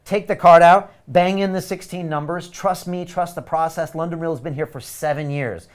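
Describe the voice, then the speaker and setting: At a moderate pace, a middle-aged man leading a live webinar makes an energetic, insistent sales pitch. He keeps returning to a set of repeated catchphrases.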